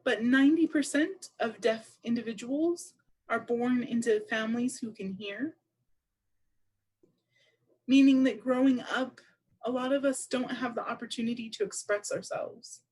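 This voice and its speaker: A woman's voice: on the high side, measured pace, darkish tone, breathy edge. Woman voicing a signed seminar talk. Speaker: sign language interpreter voicing a deaf presenter. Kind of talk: interpreted seminar presentation.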